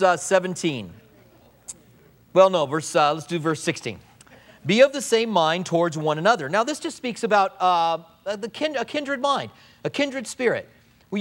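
Man, pastor, mid-high pitch; casual sermon delivery with quick mimicry and restarts. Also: a bit bright. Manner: conversational preaching with mimicked asides and restarts.

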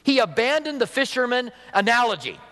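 Preaching with a high voice that has a bright edge, a pastor speaks briskly and very animatedly, treating the sermon like a conversation and putting questions to the congregation. His voice rings with long reverb, like in a large hall.

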